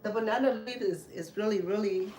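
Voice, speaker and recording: A woman with a Cambodian accent hosts a cooking show from her home kitchen. She is a native Khmer speaker who rambles and tells stories while she works. Her voice sits in an ordinary middle pitch, with faint noise in the background. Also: brisk, mellow. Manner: chatty, rambling storyteller. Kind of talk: casual chat while cooking.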